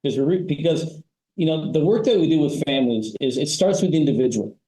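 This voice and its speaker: A man's voice: a little high, expressive, fast, warm tone, reverberant, rough recording. A man advising on family business, explaining ideas in a conversational interview and telling stories with frequent "you know" and "right?" tags.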